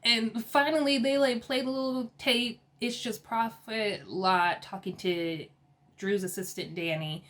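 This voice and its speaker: A woman with a somewhat high voice gives a casual recap of a reality show. She is sassy and animated, mixing slang with laughter. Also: a little slow. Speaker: TV episode reviewer.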